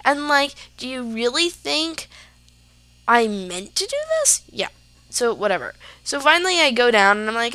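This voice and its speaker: A woman's voice: a little high, sing-song, normal speed, sharp tone, no room sound. A teenage girl hosting a podcast, telling a story casually with lots of "like" and "yeah". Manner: chatty, lots of fillers like "like" and "yeah". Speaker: podcast host.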